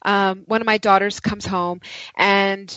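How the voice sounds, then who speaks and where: A woman guest telling a personal story in casual conversation. She talks in an animated way and acts out the dialogue she quotes. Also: medium pitch, a little slow, no room sound. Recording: dry, dull lo-fi sound.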